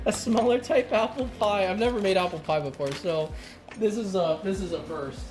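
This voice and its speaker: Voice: mid-range voice, expressive, normal speed, over music. A streamer chatting casually while cooking on a live stream, rambling and laughing often. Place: home kitchen.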